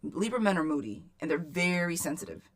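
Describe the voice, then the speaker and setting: A woman's voice: lowish voice, big pitch swings, brisk. Chatty woman reading tarot live. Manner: chatty, frank, swears casually, calls viewers sweetheart. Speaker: tarot reader.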